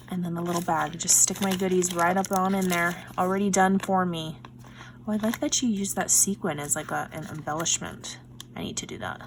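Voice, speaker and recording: A woman in her thirties talks through a craft unboxing in an easy, mid-pitched voice. She gushes and gets excited over each item, at times falling into a near whisper. A faint hiss sits under the recording. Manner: gushing, excitable, drops to soft whispers. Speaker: craft vlogger. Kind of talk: casual unboxing chat.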